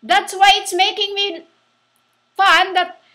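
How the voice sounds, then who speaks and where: A woman giving a rambling religious monologue, halting and restarting, spelling words out letter by letter. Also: very high-pitched, level tone, sharp tone. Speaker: self-styled preacher.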